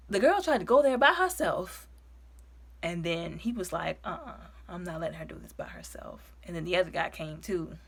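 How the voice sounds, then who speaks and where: A young woman reviews a film in a loose, conversational way, now and then sinking into a hushed whisper as she retells what the characters said. Her voice sits a little low and has a husky, slightly breathy texture. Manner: chatty, animated, drops into whispers when retelling scenes. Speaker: movie reviewer. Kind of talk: casual movie review.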